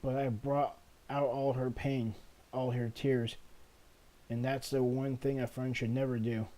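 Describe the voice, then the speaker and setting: A man voicing a heartbroken teenage schoolgirl in a game, talking in a high, strained, emotional voice. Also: flat delivery, a little slow, dark tone, close to an everyday voice. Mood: upset. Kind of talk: reading game dialogue aloud.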